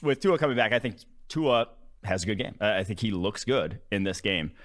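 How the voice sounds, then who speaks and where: A man's voice: lowish voice, animated. A young man from Wisconsin co-hosting a football podcast in loose, casual chat full of restarts. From Wisconsin, USA. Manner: quick, loose talk with many restarts and fillers. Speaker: football analyst, co-host.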